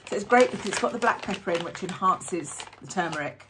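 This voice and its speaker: A woman's voice: on the low side, expressive, quick pace, noisy background. A woman chatting through a product review in a rambling, self-interrupting way. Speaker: beauty vlogger.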